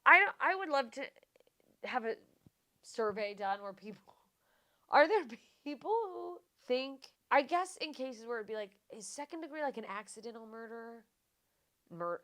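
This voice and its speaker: A woman's voice: high-pitched, a bit bright. A young woman hosting a podcast, talking in a rambling, profane and self-deprecating casual rant. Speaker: podcast host.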